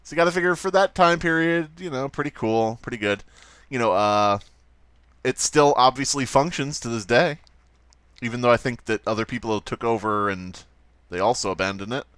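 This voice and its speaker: A man's voice: medium pitch, moderate pace, fairly bright tone, clean tone, no room sound. A man hosting a let's play, giving rambling, profane, wry commentary over gameplay.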